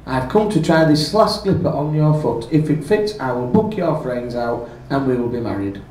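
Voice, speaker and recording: A man's voice: medium pitch, lively intonation, moderate pace, a little mellow, slight background noise, pitched below the performer's own voice, natural voice. Man doing a bawdy pantomime prince. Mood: cheeky. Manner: bawdy spoonerism comic delivery. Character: crude randy pantomime prince. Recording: echoey pub from far off.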